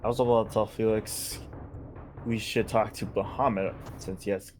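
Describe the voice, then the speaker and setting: A man playing a tabletop game, talking casually and haltingly. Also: lowish voice, fairly even intonation, a little mellow, faint music behind. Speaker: player.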